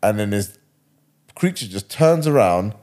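A man's voice: fairly low pitch, animated, a little slow, darkish tone. A man casually retelling a wild story, rambling and slangy.

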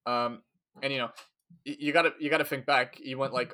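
Man, casual podcast co-host, rambling story recap, medium pitch. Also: fairly even intonation, fairly quick, bright, forceful tone. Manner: rambling, lots of fillers and acted quotes.

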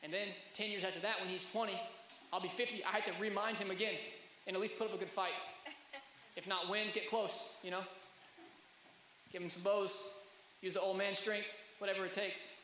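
A man in his thirties preaching a sermon, telling stories that swing from hushed to loud. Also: high-pitched, level tone, a little fast, a little hiss or hum. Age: 30s. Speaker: pastor. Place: church hall. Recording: echoey hall.

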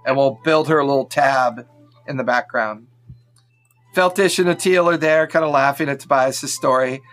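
A man narrating as game master of a tabletop game in a loose, relaxed way with many fillers. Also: medium pitch, normal speed, faint music behind.

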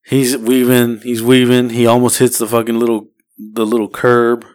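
A man's voice: medium pitch, monotone, normal speed, darkish tone. A man, co-hosting a podcast and telling a rambling, profane story in casual chat. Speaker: podcast co-host.

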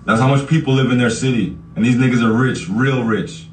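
A man's voice: mid-range voice, brisk, slight background noise. Profane, roomy-sounding man ranting on a podcast. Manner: loud, profane, laughing, talks straight to listeners. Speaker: podcast host. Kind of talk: casual podcast rant. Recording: echoey room, far from the mic.

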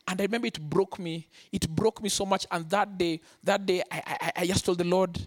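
A man preaching a sermon, telling his own story with lively acted-out quotes. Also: high-pitched, fairly quick, few pauses. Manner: animated storytelling, acting out quotes. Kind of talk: sermon testimony.

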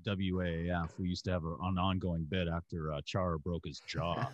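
A man's voice: deep voice, level tone, fairly quick, dull audio. A man co-hosting a sports podcast, telling stories in an easygoing way. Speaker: podcast co-host. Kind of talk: casual sports podcast chat.

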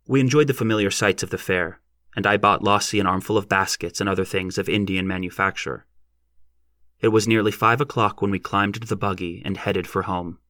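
Low-voiced male audiobook narrator. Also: pushed and bright, no room sound, clean studio sound. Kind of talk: scripted narration.

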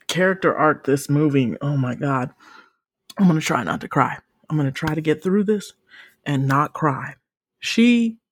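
A young woman co-hosting a casual podcast chat, emphatic and profane, often swinging into high, excited exclamations. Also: no echo, clean studio sound. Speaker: podcast co-host.

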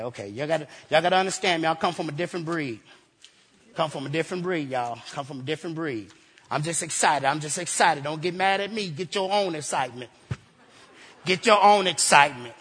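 Male pastor, high bright husky voice, fired-up repetitive preaching in a reverberant church hall. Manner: excitable, repetitive call-and-response preaching. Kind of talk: energetic sermon. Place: church sanctuary.

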